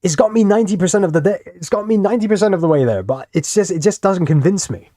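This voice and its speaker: A man's voice: high voice, animated, quick pace, warm tone, dry recording, clean studio sound. A young man casually rambling and swearing while commenting on videos as a streamer. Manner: rambling, swears freely, self-deprecating.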